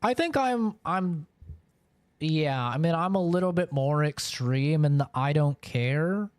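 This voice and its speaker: A man's voice: fairly high pitch, lively intonation, slow, smooth, no echo. A man live-streaming and chatting casually with viewers, rambling along with lots of filler words.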